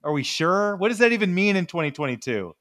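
A man's voice: high voice, big pitch swings, fast talker, a bit bright. A man hosting a sports podcast, ranting in mock anger with sarcastic jabs. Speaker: podcast host. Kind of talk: ranting casual chat.

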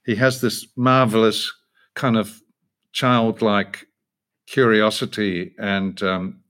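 A man's voice: lowish voice, little pitch movement, takes it slowly, fairly bright tone. A man, an actor being interviewed, telling stories in a self-deprecating, hesitant way with frequent laughs. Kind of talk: relaxed interview storytelling.

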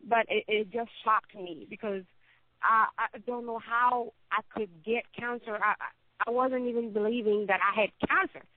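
A woman telling her own story as an interview guest, halting and often repeating words as she speaks. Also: on the high side, fairly even intonation, no room sound. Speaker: interview guest, cancer survivor. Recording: tinny phone-like line, dry.

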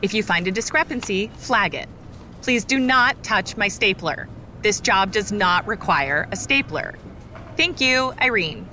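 A prim, fussy office worker with a sharp, bright voice and a passive-aggressive tone. Faint noise sits behind her. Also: medium pitch, animated, measured pace. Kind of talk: audio drama acting.

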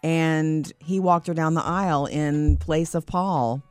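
A woman's voice: sits low, fairly even intonation, slow pace, no echo, soft background music. A woman co-hosting a radio show, chatting and reacting to callers. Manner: warm reactions, reads the call-in number. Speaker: radio co-host. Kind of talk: morning radio chat. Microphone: studio mic.

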